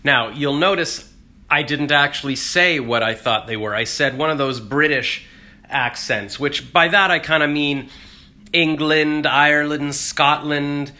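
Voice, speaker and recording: A man's voice: fairly high pitch, measured pace, pushed and bright. A man rambling through a jokey, self-deprecating casual vlog. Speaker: vlogger.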